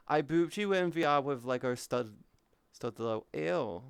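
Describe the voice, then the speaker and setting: A man chatting casually on a live stream, swearing freely, reading viewers' messages aloud and softly comforting them. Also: medium pitch, expressive, a little slow, gravelly, clear, resonant tone, no echo. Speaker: VTuber streamer.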